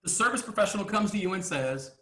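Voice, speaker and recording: A man giving a motivational speech to a live audience from a stage, emphatic and full of rhetorical questions and pauses. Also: high voice, lively intonation, fairly bright tone, roomy sound. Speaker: motivational speaker.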